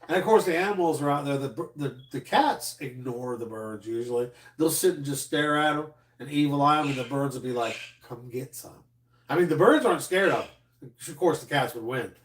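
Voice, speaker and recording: A man's voice: a little high, lively intonation, fairly quick, recorded from a distance. Joking man, roomy off-mic sound. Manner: rambling, joking banter. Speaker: comedian. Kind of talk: casual live-stream chat. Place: home studio room. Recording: echoey room, voice off-mic.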